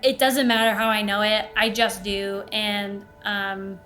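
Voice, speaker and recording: Soft music plays behind a young woman with a mid-range voice who speaks a little slowly. Hosting her podcast, she tells a story from her own life casually and animatedly, acting out the quoted voices.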